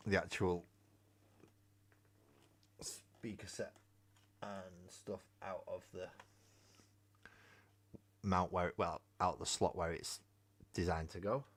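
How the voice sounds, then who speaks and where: A man hosting a casual live stream while painting miniatures, rambling, joking and swearing freely. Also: low-pitched. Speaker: hobby streamer. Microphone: webcam mic.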